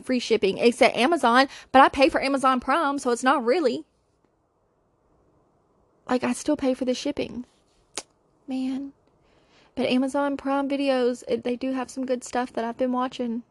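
A woman's voice: sits high, moderate pace, long pauses, no room sound. A woman, hosting her own podcast and telling funny family stories in a chatty, playful way. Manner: chatty, laughing, playful impressions. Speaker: solo podcast host. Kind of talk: casual storytelling chat.

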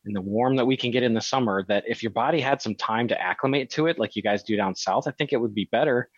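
A man co-hosting a casual podcast, chatting in an animated, storytelling way. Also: medium pitch, fast talker, breathy edge, dry recording. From Wisconsin. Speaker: podcast co-host. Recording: dry, slightly muffled audio.

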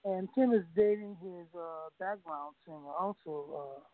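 A man's voice: high-pitched, unhurried, dry recording. American guy rambling through a story, laughing a lot, tinny phone sound, dead dry. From United States. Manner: rambling, laughs often, frequent filler and restarts. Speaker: guest musician. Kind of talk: anecdotal storytelling.

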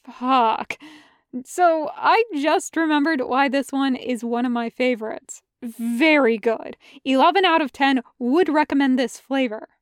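A woman's voice: sits high, measured pace, clean tone, no room sound, clean studio sound. Woman doing a cocky guy vlogger. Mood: cheeky. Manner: wry, swearing, playful. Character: cocky young man vlogging candy reviews.

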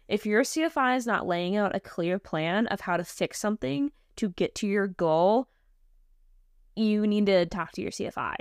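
A woman's voice: medium pitch, animated, normal speed, no echo, studio quality. A woman flight instructor co-hosting a podcast, talking candidly and chattily about her students with some self-deprecating humor. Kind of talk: casual chat.

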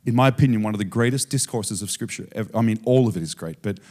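A man with an Australian accent preaching a sermon on stage, moving between soft, chuckling asides and loud, emphatic points. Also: fairly low pitch, quick pace. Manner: animated, swinging from soft asides to loud emphasis, often laughing. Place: on stage before a congregation.

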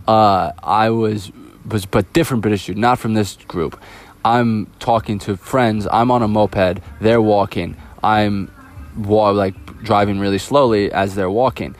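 A young man telling a personal story in a casual storytime monologue, animatedly acting out the quoted dialogue. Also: fairly low pitch. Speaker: vlogger.

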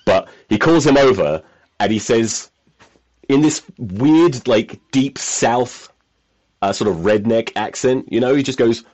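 A man's voice: lowish voice, darkish tone. A man hosting a podcast, telling rambling, self-mocking stories in casual chat and swearing freely. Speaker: podcast host.

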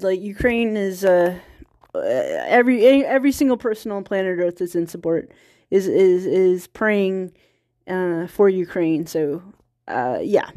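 A woman's voice: a little high, darkish tone, no echo, clean studio sound. A woman from small-town Virginia with a rural Virginia accent, hosting a casual solo podcast and rambling through her thoughts with frequent restarts and laughs. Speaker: podcast host.

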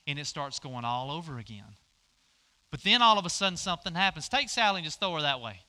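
Preacher, male, middle-aged, high-pitched and very bright; folksy sermon, calling out volunteers onstage. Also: big pitch swings, quick pace. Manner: folksy, directs volunteers on stage. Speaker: pastor. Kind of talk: sermon with live stage demonstration.

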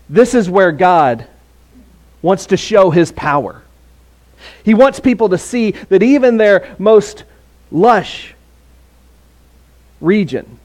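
A man's voice: high voice, darkish tone. A man preaching a sermon in a conversational way, with fillers and restarts.

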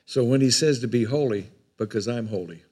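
A man's voice: mid-range voice, brisk, darkish tone, slightly rough. An older man with a drawl delivers a sermon. His talk is homespun and rambling. He often repeats words as he works his way toward a point. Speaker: preacher.

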